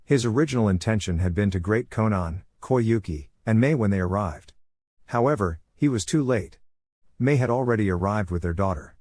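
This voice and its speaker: A man narrating a fan-fiction story in an even, plain reading manner. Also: on the low side, normal speed, dry recording, studio quality.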